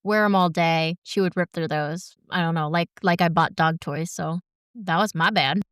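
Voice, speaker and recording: A woman's voice: fairly low pitch, moderate pace, clean tone, dry recording, studio quality. A woman in her thirties co-hosting a podcast, chatting candidly and animatedly. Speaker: podcast co-host. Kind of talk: casual chat.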